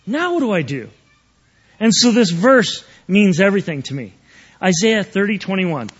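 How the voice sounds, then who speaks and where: A man's voice: sits high, highs cut off. A man preaching an earnest, conversational sermon, often checking in with his listeners.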